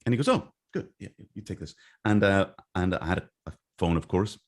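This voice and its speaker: Rambling middle-aged man, lowish voice. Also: fairly quick, a little mellow. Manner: rambling, restarts, acts out quoted dialogue. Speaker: interview guest, game artist. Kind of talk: casual storytelling interview.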